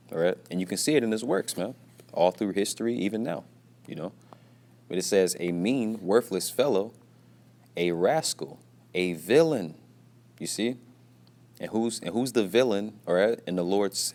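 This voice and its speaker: A man teaching a casual scripture lesson from his workplace, repeating himself and tagging his lines with "you see" and "man", and keeping his voice down at times. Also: low-pitched. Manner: repetitive, peppers talk with "man" and "you see"; speaks quietly at times, mindful of being at work.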